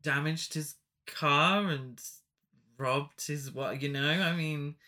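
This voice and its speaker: A man's voice: on the high side, fairly even intonation, takes it slowly, sharp tone. A man co-hosting a podcast, chatting casually about a film with rambling, jokey asides and frequent laughs. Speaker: podcast co-host. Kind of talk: casual film review chat.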